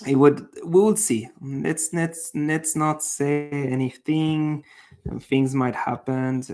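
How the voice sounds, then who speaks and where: A young man with a medium-pitched voice hosts a live stream, chatting casually with viewers and reading their comments. He laughs often and uses many fillers.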